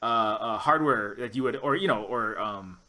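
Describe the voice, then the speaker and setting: In a lowish, sharp voice at a moderate pace, a man runs a casual podcast interview. He rambles along with frequent restarts and lots of fillers, "you know" among them.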